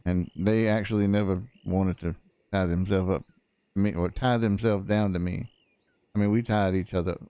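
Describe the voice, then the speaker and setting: A man's voice: low-pitched, fairly even intonation, normal speed, dark tone, smooth, dry recording. A man roleplaying a cranky old frontier prosecutor, rambling in a folksy way with lots of fillers. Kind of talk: in-character roleplay chat.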